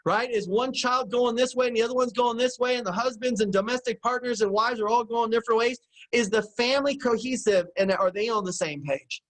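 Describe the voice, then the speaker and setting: High-voiced emphatic male business coach. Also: a bit bright, rough recording. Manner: emphatic, repetitive, keeps checking in with the audience. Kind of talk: motivational teaching talk.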